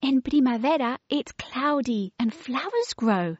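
A woman's voice: lively intonation, measured pace, a little mellow, no echo. A woman voicing a young, curious girl tortoise who tires easily, in a storybook read-aloud. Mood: eager. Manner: high, eager, wondering. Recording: dull lo-fi dry recording.

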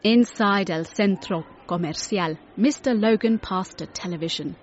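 A woman narrating a children's story in a measured storybook reading, mixing in Spanish words. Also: mid-range voice, lo-fi sound, slight background noise.

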